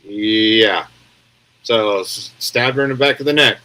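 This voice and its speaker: A man's voice: on the low side, unhurried, sharp tone, low-quality recording. Rambling sarcastic American man commentating live. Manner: rambling, sarcastic, reads chat comments aloud. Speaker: live stream news commentator. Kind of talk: casual live-stream commentary.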